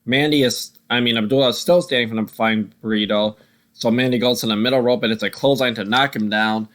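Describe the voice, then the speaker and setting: A man recapping old wrestling matches in casual, profane commentary, his voice still a little hoarse and strained, with wry jokes. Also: medium pitch, fairly even intonation, quick pace, fairly bright tone. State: voice still recovering, slightly hoarse. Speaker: wrestling reviewer.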